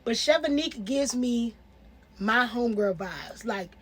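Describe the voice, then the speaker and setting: High-voiced woman in her twenties, emphatic. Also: a little slow, husky. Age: 20s. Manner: animated, emphatic, slangy. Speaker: reality TV reviewer. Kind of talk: casual commentary.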